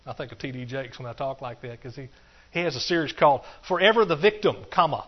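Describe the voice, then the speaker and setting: Preacher with rhythmic hallelujahs, muffled. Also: male voice, medium pitch, lively intonation, fast. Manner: rhythmic, repetitive, punctuated with hallelujahs. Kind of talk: sermon. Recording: dull, muffled recording.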